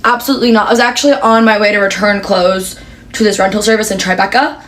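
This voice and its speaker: A young woman telling a casual storytime vlog, animated and exasperated. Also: medium pitch, quick pace.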